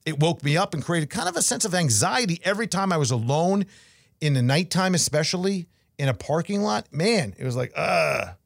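A man's voice: on the high side, very animated, brisk, no room sound, studio quality. A man giving casual market commentary, conversational and chatty, with fillers, restarts and storytelling asides.

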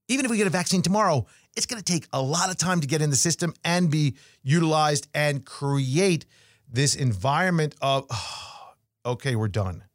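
A man's voice: fairly high pitch, moderate pace, no echo, studio quality. A man giving casual market commentary, conversational and chatty, with fillers, restarts and storytelling asides.

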